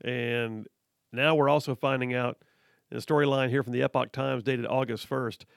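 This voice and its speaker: Gravelly male talk radio host. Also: medium pitch, moderate pace, no echo, clean studio sound. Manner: energetic, emphatic, folksy. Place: radio studio. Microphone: studio mic.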